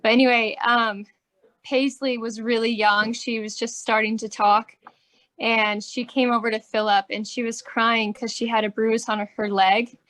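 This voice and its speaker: High-voiced giggly young woman. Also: flat delivery, unhurried, fairly bright tone, no echo. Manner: chatty, giggly, many fillers. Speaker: relative sharing a memory. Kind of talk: casual storytelling.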